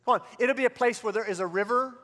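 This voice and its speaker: A man's voice: very high voice, fast, sharp tone, long reverb tail. A man preaching a sermon as pastor, building to call-and-response refrains.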